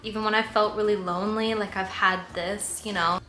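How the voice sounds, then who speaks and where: Bright-voiced young woman chatting in an echoey room. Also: mid-range voice, steady tone, a little fast, faint music behind. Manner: chatty, tearful at times, lots of "like". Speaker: vlogger. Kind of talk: casual Q&A chat to camera. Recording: echoey room, faint cricket noise. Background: faint crickets.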